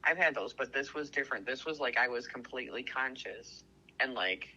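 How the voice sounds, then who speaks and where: Rambling guy swearing nonstop, bright tense voice, muffled lo-fi call sound. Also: medium pitch, a little fast, slightly rough. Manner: excitable, swears constantly, rambling with many "like"s. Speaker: podcast co-host. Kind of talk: casual chat, storytelling.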